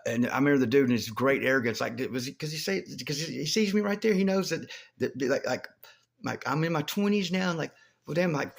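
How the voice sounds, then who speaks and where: A man talking alone to the camera in a rambling monologue, halting with many restarts and swearing, growing loud and heated. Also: medium pitch. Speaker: video host.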